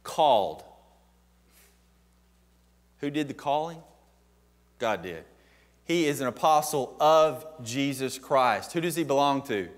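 A man's voice: medium pitch, animated, slow pace, long pauses. A man preaching a sermon as pastor, emphatic and posing questions to the congregation.

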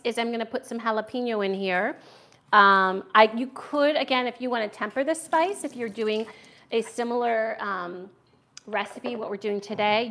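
With a fairly high, slightly bright voice and a little hiss or hum in the recording, a middle-aged American woman hosts a casual cooking livestream. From her home kitchen she chops and chats, answering viewer comments as she cooks.

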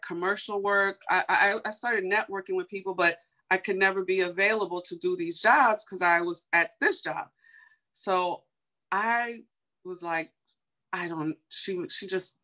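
A young woman from Chicago telling a personal story in a casual, animated way, full of fillers and acted-out quotes. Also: fairly low pitch. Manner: animated, heavy on fillers, acts out quoted dialogue.

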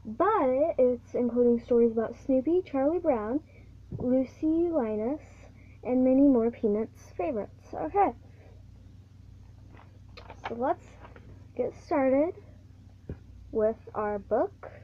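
Brief: slow, high-ish female reader, picture book read-aloud, tinny phone-like audio. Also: expressive. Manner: halting, stumbles and restarts words.

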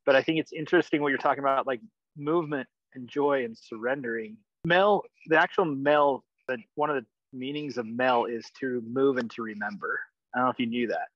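A man calling into a coaching session, telling a personal story in a casual, excited way and swearing freely. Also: mid-range voice, brisk, no room sound, muffled recording. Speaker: caller on a coaching call. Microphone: online call.

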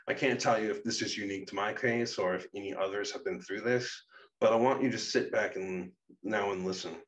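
A man reading his own memoir aloud in a measured, serious way. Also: lowish voice, recorded from a distance, lo-fi sound. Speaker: narrator and author. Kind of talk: memoir narration.

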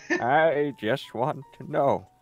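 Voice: medium pitch, extremely slow, muffled recording, soft background music. A speaker in a casual group chat, tossing out goofy questions.

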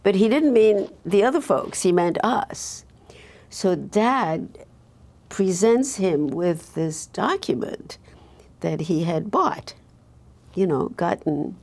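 An older woman from Belgium recalling her past in an oral history interview, halting with frequent restarts. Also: mid-range voice, expressive, gravelly, darkish tone.

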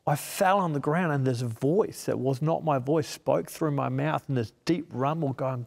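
A man with a gravelly, creaky voice tells a heartfelt personal story as a guest, voicing his own thoughts as he goes. His voice rings with a long hall-like reverb. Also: mid-range voice, normal speed, few pauses. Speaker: guest, media missionary. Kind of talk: personal testimony in a sit-down interview.

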